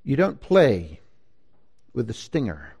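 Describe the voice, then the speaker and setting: A man preaching a sermon, slow and emphatic, rising to loud declarations and dropping to hushed lines. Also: medium pitch, huge pitch swings, creaky, breathy edge, lo-fi sound. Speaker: pastor.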